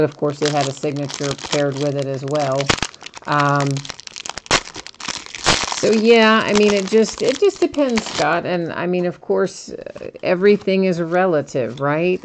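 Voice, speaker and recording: A woman's voice: low-pitched, slight background noise. A woman hosting a live card-opening stream, listing cards and answering viewers casually. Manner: casual, reads card names in a steady list, answers viewers by name. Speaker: card-breaking stream host.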